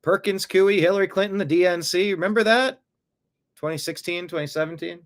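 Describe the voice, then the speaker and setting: A man hosting casual political commentary, animated and jokey, reading out viewer comments. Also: sits high, a little fast. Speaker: commentary host.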